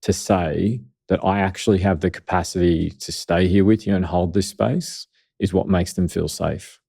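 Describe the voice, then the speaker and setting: A man's voice: low-pitched, fairly even intonation, normal speed, gravelly, warm tone, slightly rough. A middle-aged man with an Australian accent, a pediatrician guest on a podcast, explaining in an earnest, conversational way. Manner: earnest, explanatory, filler-heavy.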